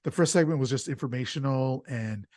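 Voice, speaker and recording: A man's voice: medium pitch, a little fast, no echo, clean studio sound. Man host retelling a film plot. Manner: animated retelling of a plot with fillers. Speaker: podcast host. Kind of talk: casual film discussion.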